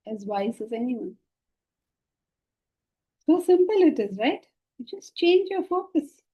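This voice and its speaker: A middle-aged woman teaching spiritual philosophy to a class, lively and often questioning her listeners. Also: on the high side, muffled recording. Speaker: Vedanta teacher. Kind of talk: spiritual lecture.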